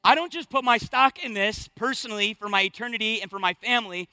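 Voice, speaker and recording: A man preaching a sermon as pastor, impassioned and conversational, dropping to a hush and then rising loud. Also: high-pitched, fast, dry recording, faint music behind. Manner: impassioned, swings from hushed to loud.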